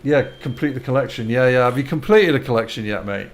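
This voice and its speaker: A man's voice: mid-range voice, quick pace. Bloke mid-age chatting on his game stream, friendly, keeps restarting sentences. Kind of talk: casual live-stream chat.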